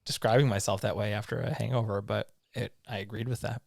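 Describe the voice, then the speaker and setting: A man's voice: on the low side, fairly even intonation, fast talker, gravelly, no room sound, clean studio sound. A man co-hosting a podcast, chatting in a laid-back way and laughing a lot. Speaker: podcast co-host. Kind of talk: casual chat.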